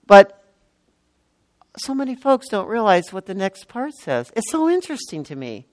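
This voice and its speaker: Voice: mid-range voice, very animated, moderate pace, no echo. A preacher in their sixties delivering a sermon, stressing and repeating key words with frequent exclamations. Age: 60s.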